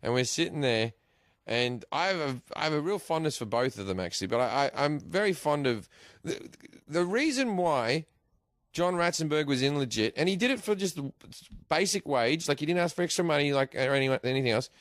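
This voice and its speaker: A man telling a comic story in an animated, swearing, laughing way. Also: on the high side, a little fast, dry recording, clean studio sound. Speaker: guest.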